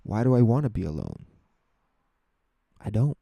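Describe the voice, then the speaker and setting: A man's voice: lowish voice, wildly swooping pitch, normal speed, creaky, dry recording, dull audio. A young man hosting his own podcast, talking through his thoughts in an earnest, reflective monologue full of rhetorical questions and restarted phrases. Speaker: podcast host.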